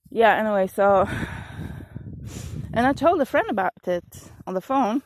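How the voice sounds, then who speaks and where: A woman's voice: medium pitch, animated, unhurried, dry recording. Sarcastic woman, breathless from allergies. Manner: sarcastic, rambling, laughs at herself. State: short of breath, coughing from allergies. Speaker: vlogger. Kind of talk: casual storytelling while walking. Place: outdoors on a walk.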